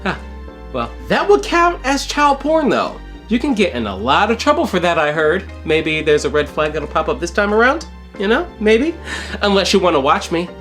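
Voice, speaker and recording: Casting: young man, sarcastic narrator, animated delivery, faint music underneath. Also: fairly quick. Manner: sarcastic, mocking asides with sudden jumps in pitch. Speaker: online decoy reading chat logs. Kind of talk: casual commentary over chat logs.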